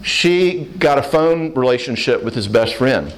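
Man, counselor, live audience Q&A, middle pitch, plainspoken, lively. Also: measured pace. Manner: plainspoken, animated, acts out quoted voices. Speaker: counselor answering audience questions.

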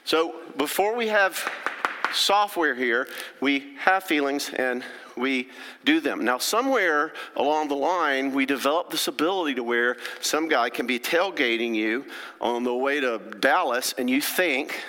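A man's voice: mid-range voice, animated, measured pace, bright, forceful tone, slight background noise. A middle-aged man, a therapist giving a folksy, chatty talk to an audience and checking in with them often. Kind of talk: lecture to an audience. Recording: long hall reverb.

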